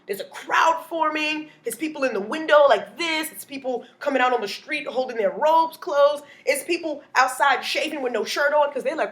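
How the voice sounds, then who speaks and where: A woman comedian telling a comic story in an animated, punchy way, often adding "okay?". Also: high-pitched, moderate pace.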